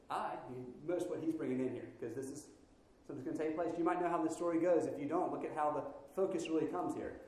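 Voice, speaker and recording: A man's voice: a little high, fast talker, darkish tone. A man preaching a sermon in a church, conversational and playful, with frequent asides to the congregation. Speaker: pastor. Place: church sanctuary. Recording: very echoey church hall.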